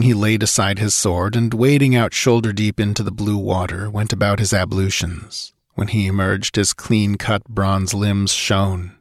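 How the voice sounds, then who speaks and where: A man narrating a story aloud in a measured storytelling manner, recorded close to the mic. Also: lowish voice, no room sound. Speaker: audiobook narrator. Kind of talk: scripted narration.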